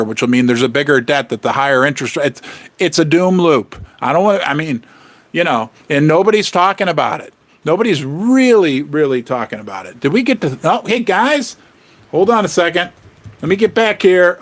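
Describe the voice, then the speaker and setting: A man hosting a casual livestream, rambling and animated as he chats with viewers. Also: a little high. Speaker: livestream host. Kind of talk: casual livestream chat about finance.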